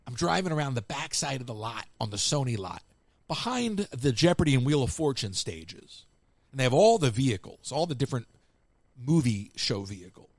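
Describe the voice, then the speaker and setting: A man's voice: medium pitch, no room sound. A man hosting a live call-in show, telling casual anecdotes and acting out what other people said. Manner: animated anecdotes, acts out other people's lines. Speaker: radio show host. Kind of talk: casual storytelling to live callers.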